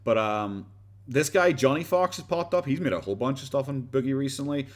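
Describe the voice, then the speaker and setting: An Irish man hosts a casual commentary livestream, his mid-range voice animated and fairly quick. He rambles sarcastically, stumbling and restarting often.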